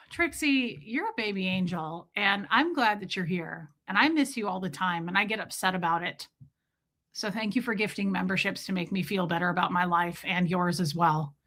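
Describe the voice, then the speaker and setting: Woman, live streamer, casual chat, rambling, candid, swears, bright forceful voice. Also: on the low side, moderate pace.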